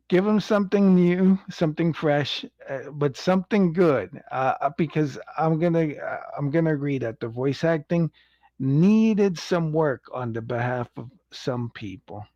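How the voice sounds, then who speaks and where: Slow-talking man with a dull lo-fi sound. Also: fairly high pitch, mellow, no echo. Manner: rambling, chuckles often, acts out quotes. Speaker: show host reviewing an animated series. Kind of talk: casual livestream review.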